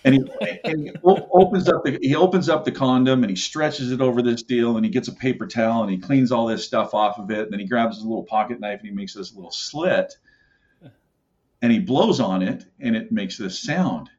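A man's voice: mid-range voice, a little fast, a little mellow. A middle-aged man telling hunting stories in a casual, rambling way, with many fillers and acted-out quotes. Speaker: podcast guest, elk call maker. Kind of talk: casual storytelling. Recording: muffled lo-fi audio.

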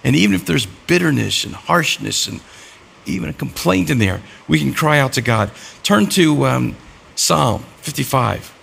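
A man's voice: medium pitch, animated, normal speed, creaky, a bit bright, slightly rough. A middle-aged man preaching a sermon as a pastor, telling stories and acting out the dialogue in them. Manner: storytelling with acted-out dialogue.

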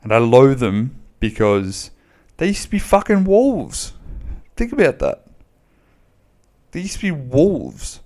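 Gravelly man, rambling and sweary. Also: mid-range voice, huge pitch swings, takes it slowly, darkish tone. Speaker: podcast host. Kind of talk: casual solo podcast chat.

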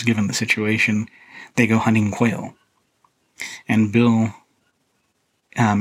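Male podcast host, low and husky, flat delivery, casual rambling film talk. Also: rough recording. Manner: relaxed, rambling, frequent fillers and restarts. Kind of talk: casual solo film commentary.

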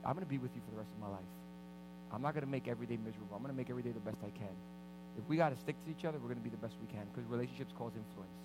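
A man preaching, a pastor telling a personal story in an animated way and acting out the scenes. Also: mid-range voice, very fast, background noise. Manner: animated, reenacts scenes loudly. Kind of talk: storytelling sermon. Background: background music.

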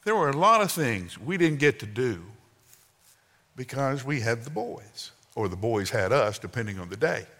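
A man in his sixties preaching a sermon, telling folksy family stories with sudden loud outbursts and soft asides. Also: medium pitch, sing-song, moderate pace. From Southern United States. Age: 60s. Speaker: pastor. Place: church sanctuary. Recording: long hall reverb.

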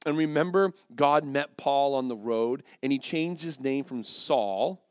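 A man preaching a sermon, telling stories in a lively, joking way and acting out quotes. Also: mid-range voice, unhurried, hardly any pauses, clean tone, no room sound. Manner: lively, jokey storytelling with acted quotes. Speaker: pastor. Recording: dull lo-fi dry sound.

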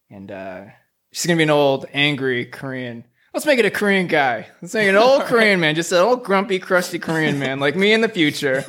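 Animated, riffing male podcast co-host. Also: a little high. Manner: animated, riffing, laughs often. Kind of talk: casual comedic chat.

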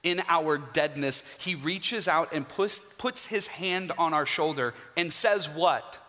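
A man preaching a sermon in a church, emphatic and dramatic, with pauses for effect. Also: fairly high pitch, expressive, sharp tone. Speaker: guest preacher. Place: church sanctuary. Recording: hall reverb.

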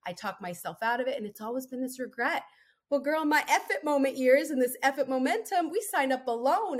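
A woman's voice: high-pitched, expressive, brisk. A woman in her thirties, a guest on a podcast, telling her own story in an earnest, upbeat, conversational way, often tagging lines with "right?". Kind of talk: casual interview chat.

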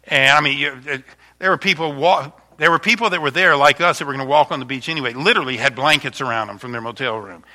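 A man's voice: medium pitch, fast talker. A man in his fifties, a pastor chatting through a slideshow of stories before his sermon. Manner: chatty, warm storytelling with frequent restarts.

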